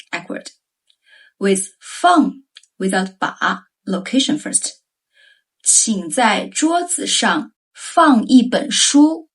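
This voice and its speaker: A woman teaching Chinese grammar in a scripted lesson, reading example sentences slowly and carefully. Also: mid-range voice, breathy edge.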